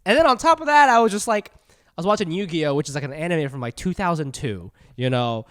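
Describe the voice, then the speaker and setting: A young man co-hosting a podcast, telling rambling stories in a casual, animated way and laughing often. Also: on the high side, brisk, dry recording, studio quality. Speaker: podcast co-host.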